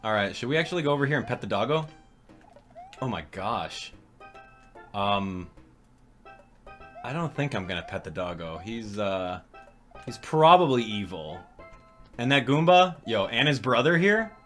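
A young man, a gaming channel host, talks through a game in a lively commentary voice whose pitch leaps up and down as he gets excited. He jokes around and chats back to his viewers, with faint music playing underneath. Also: measured pace, pauses often. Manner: excitable, jokey, reads and answers chat. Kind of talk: live gameplay commentary.

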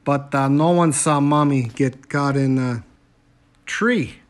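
A man's voice: mid-range voice, slow, close to an everyday voice. A man reading as Baby Bear, a timid little cub. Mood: fearful.

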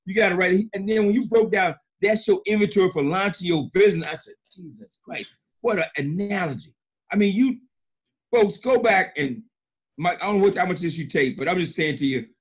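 A middle-aged man on a conference call, emphatic and animated, often repeating himself. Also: sits high. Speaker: senior partner and mentor. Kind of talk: excited conference-call praise.

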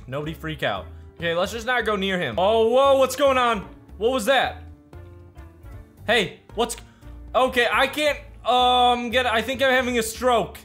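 A man with a high, very lively voice gives jumpy let's-play commentary, shifting between hushed worry and sudden panicked shouts. Faint game music plays behind him. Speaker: gaming YouTuber.

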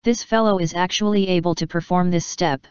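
A woman reading the lines of a seasoned elder male alchemist in an audiobook, in an even, plainly read manner close to her narration. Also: on the low side, brisk, clear, resonant tone, no room sound, lightly acted. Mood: awed. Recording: dull lo-fi dry recording.

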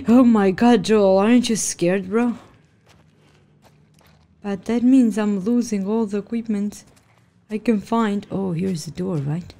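A woman giving gameplay commentary, jumpy and swearing, gasping and yelling at the game as she plays. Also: medium pitch, unhurried, long pauses. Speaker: gaming channel host. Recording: game sounds loud behind voice.

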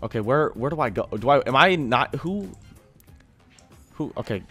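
A man casually commentating his own gameplay in a chatty, excitable way, calling everyone dude. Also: mid-range voice, normal speed, soft background music. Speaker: gaming streamer.

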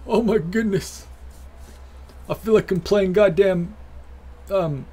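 A man's voice: high voice, slow pace, mellow, breathy edge. A man doing casual, foul-mouthed let's-play commentary, joking and talking to himself and the game. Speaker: gaming video host.

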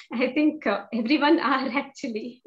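A woman's voice: sits high, highs cut off. A woman guest on a video call who congratulates the host and politely asks for a reading, sounding emotional. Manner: polite, emotional, slow requests. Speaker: guest at a book launch.

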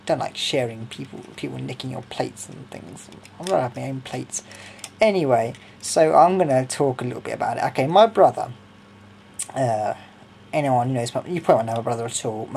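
A man's voice: medium pitch, darkish tone, slight background noise. A young man from Sussex, telling stories in a rambling, hesitant way with lots of ums and giggles. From Sussex, England. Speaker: vlogger. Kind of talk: casual storytelling.

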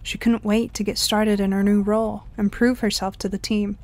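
A woman's voice: mid-range voice, flat delivery, moderate pace, darkish tone. A woman narrating an audio story, reading the dialogue in lightly varied voices.

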